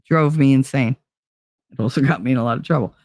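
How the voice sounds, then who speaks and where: A middle-aged woman hosting a live show, chatting casually in a blunt, profane, animated way. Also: very deep voice, quick pace, no echo, clean studio sound. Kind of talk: casual chat on a live stream.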